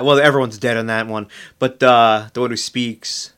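A man's voice: mid-range voice, steady tone, normal speed, fairly bright tone, smooth. A man co-hosting a podcast, talking in casual chat with sarcastic, profane, mock-outraged jabs. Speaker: podcast co-host.

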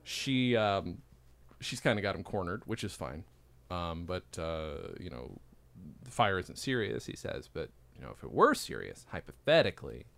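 Male co-host, lively up-and-down delivery, easygoing recap chat with frequent laughs. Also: deep voice, normal speed, gravelly. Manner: laughs often, animated. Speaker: podcast co-host. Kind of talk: casual chat recapping a TV episode.

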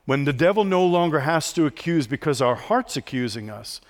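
A man's voice: a little high, animated, normal speed. A middle-aged male pastor preaching an earnest sermon and putting questions to his congregation.

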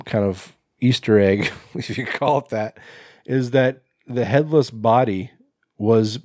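A man's voice: medium pitch, a little mellow, dry recording, clean studio sound. A man co-hosting a podcast, recapping a horror film in loose casual chat, rambling with lots of fillers and swearing. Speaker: podcast co-host.

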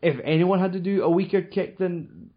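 A man's voice: sits high, normal speed, highs cut off. A man hosting a casual podcast chat, rambling and swearing often. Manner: swears a lot, rambling with fillers. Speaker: podcast host.

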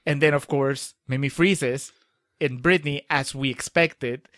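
A man's voice: mid-range voice, fairly even intonation, unhurried, a bit bright, no echo, studio quality. A young man co-hosting a podcast, chatting about a movie with giggly enthusiasm. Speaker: podcast co-host. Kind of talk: casual movie recap chat.

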